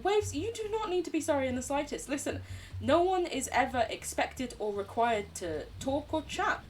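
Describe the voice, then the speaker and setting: A young woman streaming a game, chatting casually and warmly to her chat. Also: a little high, distant mic, slight background noise. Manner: chatty, bubbly, talks to chat. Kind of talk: casual gameplay commentary.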